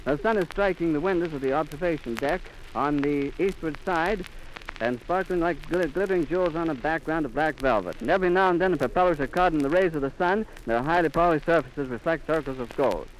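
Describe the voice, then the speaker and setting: A man's voice: fairly high pitch, fairly quick, rough recording. A man reporting live outdoors for radio in a florid announcer style, heard on a 1930s archive recording. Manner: frantic, sobbing, breathless outcry. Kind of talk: live on-the-spot radio commentary. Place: outdoors at an airfield in rain. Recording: 1930s archive recording with faint rain noise.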